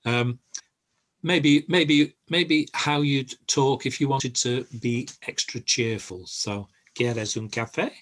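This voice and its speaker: Older male teacher on a video call, unhurried and hesitant, mid-pitched voice. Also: a bit bright. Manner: patient, halting explanations with many pauses. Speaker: language teacher. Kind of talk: online group lesson.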